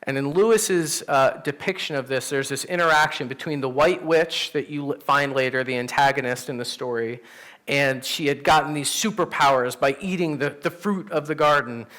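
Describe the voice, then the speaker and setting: A man, a pastor, teaching an adult Sunday class in a church room, telling stories in a casual, animated way. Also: on the high side, moderate pace. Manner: animated, storytelling, conversational with fillers. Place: church classroom with teens present.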